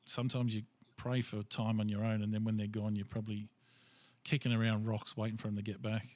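A man with an Australian accent hosting a podcast, chatting in a relaxed and easygoing way with his guest. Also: fairly low pitch, fairly quick, no room sound. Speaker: podcast host. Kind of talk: casual interview chat.

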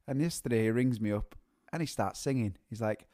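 A man's voice: on the low side, moderate pace, mellow. A man co-hosting a live music show, chatting casually and laughing his way through a rambling story. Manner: rambling, repeats words as he restarts.

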